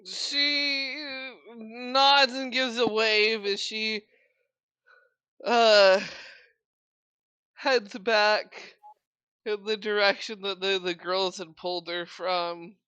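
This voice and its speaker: A woman running a tabletop game as dungeon master, narrating slowly with many pauses and fillers. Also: medium pitch, fairly even intonation, bright, forceful tone, clean tone, no room sound.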